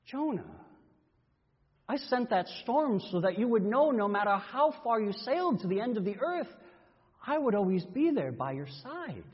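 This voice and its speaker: God as a calm patient deity, put on by a male preacher, soft-spoken, lilting, dull sound with a long church echo. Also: high-pitched, moderate pace, breathy edge, exaggerated voice. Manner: gentle, quiet and explaining. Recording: dull reverberant church recording.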